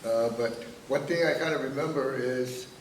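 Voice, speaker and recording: A man in his seventies telling his family's history at a teach-in, halting and full of "uh" and "you know". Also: medium pitch, a little hiss or hum. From Northern California. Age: 70s. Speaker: speaker at a teach-in. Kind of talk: personal storytelling talk. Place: meeting room. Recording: echoey room, recorded from a distance.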